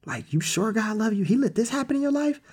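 A man's voice: high voice, animated, fast, darkish tone, breathy edge, pitched above the performer's own voice. A man voicing a sly, taunting male devil who mocks the listener in a sing-song way. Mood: mocking.

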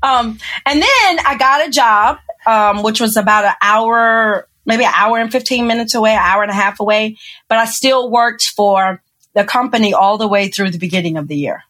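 A woman, a podcast guest telling a personal story with lively acted-out quotes and frequent laughter. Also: on the high side, normal speed. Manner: animated storyteller, acts out quotes, laughs often. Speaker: podcast guest, engineer and speaker. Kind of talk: storytelling interview.

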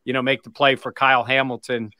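A male sports show host with a bright, forceful voice, recorded dry and close. He leads the panel and hands questions to his co-hosts in a relaxed, chatty way. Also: mid-range voice, quick pace, no room sound. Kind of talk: casual sports talk.

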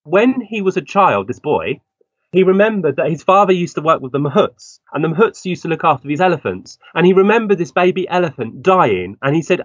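A man, a guest on an interview, telling animated stories and acting out the voices of people in them. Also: on the high side, fairly quick, dry recording. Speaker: guest medium. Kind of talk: interview storytelling. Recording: dull, dry lo-fi recording.

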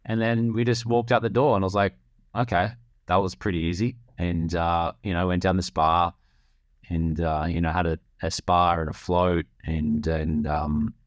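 A man tells a long personal story in a loose, rambling way. He restarts his sentences and acts out the other people in the story. His voice sits very low, and the recording is dry and close. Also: level tone, moderate pace, dry recording. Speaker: podcast host. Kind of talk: casual storytelling.

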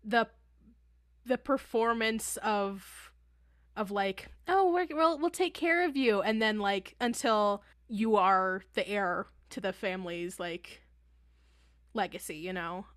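Woman, mid pitch, dry sound, hesitant, searching for words, casual podcast. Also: takes it slowly, fairly bright tone, no echo. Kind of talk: casual review chat.

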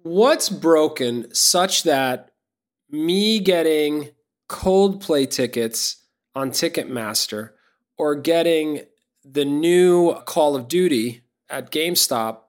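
A man's voice: a little high, expressive, slow pace. A man talking as a podcast guest, making emphatic points, repeating them and often agreeing briefly. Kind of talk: casual conversational chat.

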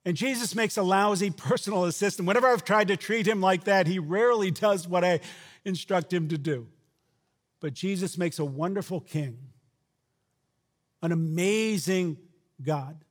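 A man preaching a sermon who shouts out quoted lines and then drops to a low, quiet delivery. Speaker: pastor.

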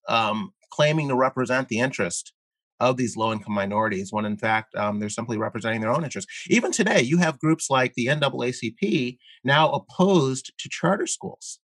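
A man speaking as a guest in an interview, explaining his views earnestly while halting often with fillers and repeated words. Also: mid-range voice, lively intonation, a bit bright, no echo. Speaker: guest columnist. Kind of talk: conversational interview.

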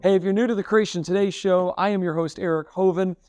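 A man's voice: high-pitched, fairly even intonation, quick pace, a little mellow, soft background music. An enthusiastic man hosting a faith podcast, upbeat and repeating himself for emphasis. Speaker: podcast host.

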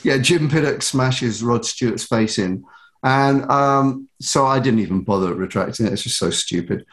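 A man's voice: medium pitch, moderate pace. A man, a podcast guest, telling self-deprecating anecdotes with lots of restarts and quoted dialogue. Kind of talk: anecdotal storytelling.

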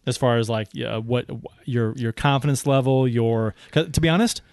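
A man chatting about hockey on a podcast in an excitable rush. He swears freely and keeps restarting his sentences. His voice sits at a middling pitch, recorded dry and close. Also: normal speed, vocal fry, dry recording. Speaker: podcast co-host. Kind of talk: casual sports chat.

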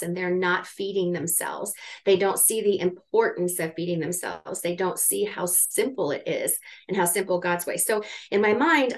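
A middle-aged woman in a live coaching session, speaking earnestly and urgently and thinking aloud as she works out her ideas. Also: medium pitch. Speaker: coach in training.

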